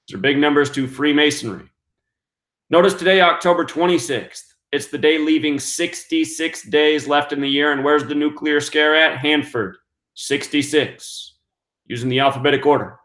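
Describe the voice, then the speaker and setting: A man's voice: medium pitch, a bit bright. Emphatic man, echoey room. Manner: emphatic, counting out numbers, rhetorical questions. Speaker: online show host. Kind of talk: monologue commentary. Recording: roomy echo.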